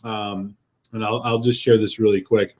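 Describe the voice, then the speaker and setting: A man's voice: lowish voice, little pitch movement, normal speed, a little mellow. A man co-hosting a casual whisky chat, telling a heartfelt, rambling story with lots of fillers. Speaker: whisky podcast co-host.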